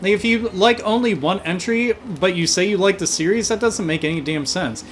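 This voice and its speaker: A man hosting a gaming livestream, ranting in animated, profane casual chat and thanking donors. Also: sits high, a little fast, slight background noise.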